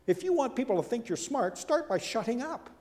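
A man preaching a sermon in a chatty, animated way, acting out the people he quotes and tossing in asides and rhetorical questions. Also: brisk. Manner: animated, acts out quoted speakers with big swings in pitch and loudness. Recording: long hall reverb.

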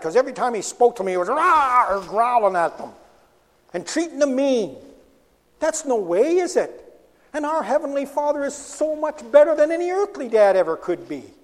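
A man preaching in a large hall, his voice high and swinging widely in pitch. He pushes hard on key phrases, then sinks to near a whisper. Long reverb trails every line. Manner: animated, emphatic, drops to a hush on quiet phrases. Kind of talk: sermon.

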